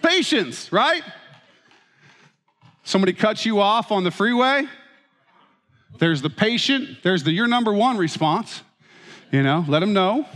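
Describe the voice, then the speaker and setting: A man preaching a sermon as pastor, telling stories with animated, self-mocking humor. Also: sits high, measured pace, long pauses. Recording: reverberant hall.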